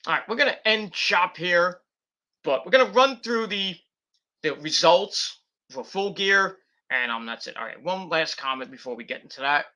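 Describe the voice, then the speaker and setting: A man's voice: high voice, animated, normal speed, sharp tone. A man giving a casual, rambling wrestling review monologue, full of fillers and restarts.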